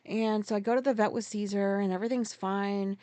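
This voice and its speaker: A woman in her forties tells a story on her solo podcast at a rambling pace and swears freely. She talks close to the mic in a very dry, dead-sounding room, and her voice sits in a middle range. When she reenacts her own rants, she gets loud. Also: medium pitch, steady tone, a little fast, dry recording. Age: 40s. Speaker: podcast host.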